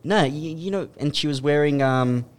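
A man's voice: a little high, moderate pace, clear, resonant tone. A young man co-hosting a podcast in casual chat, easygoing and telling stories. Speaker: podcast co-host.

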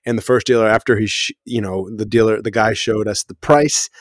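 A man's voice: fairly low pitch, fairly even intonation, a little fast, dry recording, studio quality. A man co-hosting a podcast, telling a rambling story in casual chat, laughing and restarting often. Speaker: podcast co-host.

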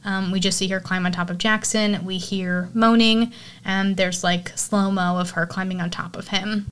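A woman's voice: medium pitch, fairly even intonation, moderate pace, fairly bright tone, clear, resonant tone. Chatty woman recapping a horror film. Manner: enthusiastic, chatty, swears, many fillers. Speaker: horror podcast host. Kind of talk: casual movie recap.

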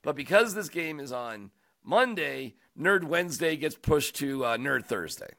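A man hosting a sports talk show, chatting casually and joking around in an animated, rambling way. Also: on the high side, unhurried, creaky, no room sound, clean studio sound. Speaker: sports radio host.

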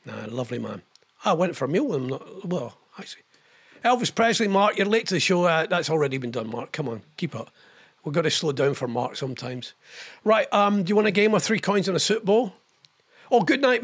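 An older man hosts a live online show in a loose, rambling chat. His voice sits a little high for a man, and he slips readily into quick impressions. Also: a bit bright. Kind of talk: casual live-stream chat reading viewer comments.

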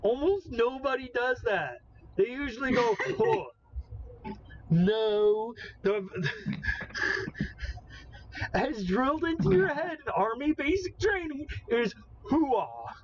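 A man co-hosting a casual podcast, excitable and prone to swearing and exclaiming in disbelief, on a slightly muffled recording with faint noise. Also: very high-pitched, slow pace, long pauses. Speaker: podcast co-host. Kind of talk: casual chat.

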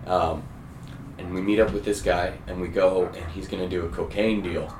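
A man's voice: deep voice, steady tone, moderate pace. A young man casually telling a rambling story, swearing and full of fillers. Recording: roomy sound, mic far off, faint hum.

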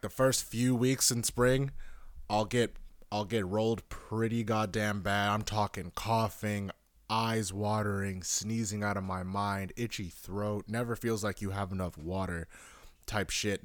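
A man's voice: lowish voice, no echo, studio quality. A young man hosting a solo podcast, rambling casually with lots of swearing and restarts. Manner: rambling, profane, self-correcting. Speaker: podcast host.

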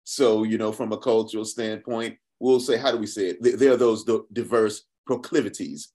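A man hosting a podcast interview, talking in an expressive, reflective way with many restarts. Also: on the low side, moderate pace. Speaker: podcast host. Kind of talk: conversational interview.

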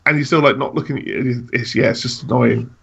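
A man's voice: mid-range voice, fairly even intonation, fairly quick, gravelly, fairly bright tone, slightly rough, lo-fi sound. A man co-hosting a casual podcast chat, ranting about small annoyances with many filler words. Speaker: podcast co-host.

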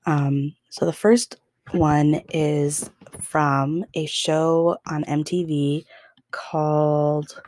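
A woman's voice: deep voice, steady tone, drawn-out words, darkish tone, dry recording. A young woman hosting a podcast, telling a story in a casual, chatty way with lots of fillers and laughs. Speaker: podcast host.

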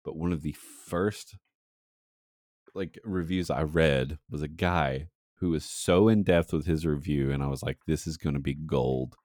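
Podcast co-host, man, extremely deep low voice, rambling easygoing talk, dry close mic. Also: measured pace, a little mellow, no room sound. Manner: rambling, laid-back storytelling with many fillers. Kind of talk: casual chat.

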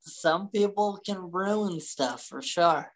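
A man's voice: high voice, slow pace, crowd noise. A laid-back man in his thirties co-hosting a podcast in casual chat, mostly giving short agreeing replies. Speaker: podcast co-host.

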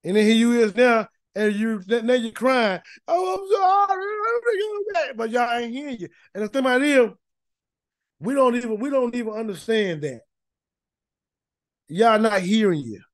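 A man's voice: very high-pitched, normal speed, dry recording. A man leading an informal Bible study, preaching in a folksy, emphatic way and often repeating words as he builds a point. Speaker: Bible teacher.

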